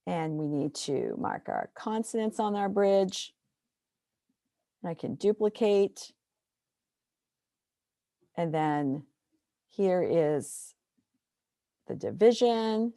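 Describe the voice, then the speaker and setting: A woman's voice: lowish voice, creaky, dark tone, no echo, studio quality. A woman teacher walking through a screen-share tutorial step by step, explaining patiently.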